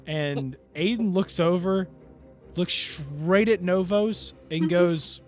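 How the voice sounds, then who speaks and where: A man narrating a tabletop game as the dungeon master, telling the story in a relaxed way. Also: sits high, a little slow, soft background music.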